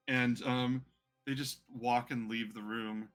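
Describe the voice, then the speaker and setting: A man's voice: mid-range voice, steady tone, a little slow, a bit bright, soft background music. A man narrating as game master, rambling and hesitant, with frequent fillers.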